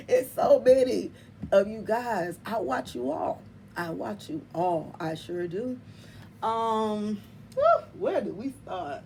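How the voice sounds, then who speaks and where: A woman with a somewhat high voice chats straight to her viewers as a tarot channel host. She talks in an animated, emphatic way, repeats herself, laughs often and calls her audience honey. A faint hiss of noise sits under the voice. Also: slow pace, creaky. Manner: colloquial, addresses viewers as y'all and honey. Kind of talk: casual chat to viewers.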